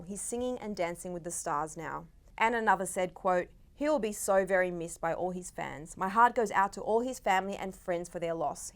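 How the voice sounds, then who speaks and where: A woman hosting a daily celebrity news roundup, bubbly and chatty, with a lot of "like" in her talk. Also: fairly low pitch. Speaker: entertainment news host.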